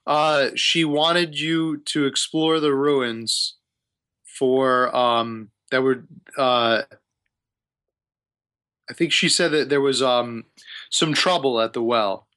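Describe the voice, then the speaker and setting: Slow, hesitant male game master. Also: medium pitch, fairly even intonation, bright, forceful tone, clear, resonant tone. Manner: hesitant, thinking aloud with fillers. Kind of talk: narrating a tabletop game.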